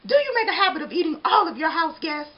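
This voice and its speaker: A woman puts on a fussy little doughnut for a storybook reading, a high, prissy voice that leaps all over the place. He is prim and overly polite, easily thrown into alarm, and the recording sounds dull and lo-fi. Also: very animated, fast. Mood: indignant.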